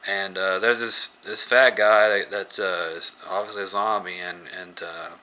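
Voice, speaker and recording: A man casually recapping a movie scene by scene, rambling and halting with many filler words. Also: deep voice, fairly even intonation, sharp tone. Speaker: movie reviewer.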